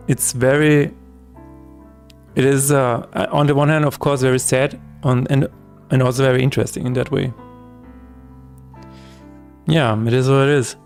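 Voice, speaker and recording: A man streaming his game-development work who chats casually, jokes and rambles through asides, laughing often. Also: medium pitch. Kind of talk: casual live-stream chat while coding.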